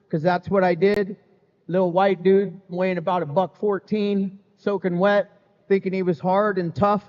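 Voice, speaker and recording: A middle-aged man with a fairly high, darkish voice shares his recovery story with a live audience in an event hall. He's candid and funny, talking loosely and peppering his speech with "man" and "you know." The sound is a bit muffled, with a long hall reverb.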